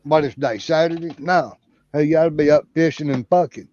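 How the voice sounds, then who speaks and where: A man's voice: on the high side, a little fast, darkish tone, highs cut off. A man hosting his channel, chatting in a rambling, profane way and telling off-color jokes. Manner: rambling, drawling, heavy cursing. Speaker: channel host. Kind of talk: casual profane chat and joke telling.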